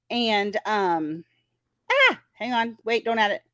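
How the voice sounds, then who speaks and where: Female vlog host, higher register, sarcastic and blunt, dry close sound. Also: lively intonation, takes it slowly, fairly bright tone, dry recording, poor audio. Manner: sarcastic, blunt, swears freely. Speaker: commentary channel host. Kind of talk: casual commentary with reactions.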